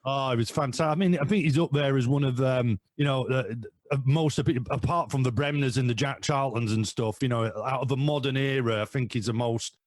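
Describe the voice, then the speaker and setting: A man guesting on a football podcast, telling fan stories in a rambling, animated way with lots of fillers. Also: medium pitch, brisk, no echo. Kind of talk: casual storytelling.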